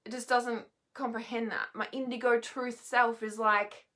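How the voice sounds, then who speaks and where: A tired woman venting at home from her bed, with a slightly high voice. Her talk is raw and restless, full of swearing, trailing off and restarting. She sounds emotionally worn. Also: level tone, normal speed, sharp tone. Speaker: healer and mentor vlogger. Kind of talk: emotional unscripted monologue.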